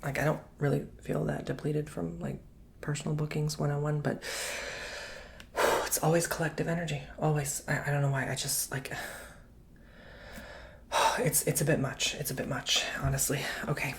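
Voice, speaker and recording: Gravelly soft-spoken man giving an ASMR reading. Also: a little high, little pitch movement, moderate pace. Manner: chatty, rambling, casual slang. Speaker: ASMR tarot and coffee cup reader.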